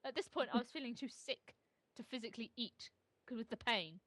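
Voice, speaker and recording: A woman telling a story casually over gameplay as a co-host. She is animated and self-mocking, and she often restarts her sentences. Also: a little high, brisk, dry recording. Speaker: gaming channel co-host.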